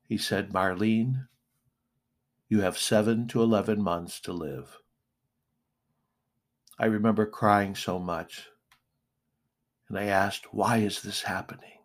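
A middle-aged male pastor preaching a sermon, slow and deliberate with emphatic pauses. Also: sits low.

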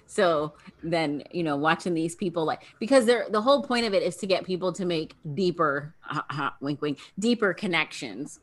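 Woman in her thirties, lowish voice, chatty podcast co-host who laughs a lot. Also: normal speed, few pauses. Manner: chatty, laughs often, animated retellings. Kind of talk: casual chat.

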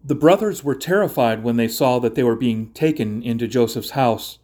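A man narrating a Bible story in a steady, even reading voice. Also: mid-range voice, moderate pace. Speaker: scripture reader.

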